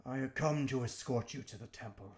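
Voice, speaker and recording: Male GM doing a formal tribal leader; stiff, measured, halting delivery. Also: mid-range voice, darkish tone, lightly acted. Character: leader of a temple escort group.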